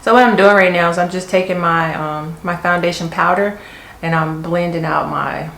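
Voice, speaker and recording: A woman's voice: fairly low pitch, normal speed, creaky, a bit bright, slight background noise. A middle-aged woman who is an Army senior NCO, telling stories in a casual, firm way while doing her makeup. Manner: firm, storytelling, chatty. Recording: echoey room.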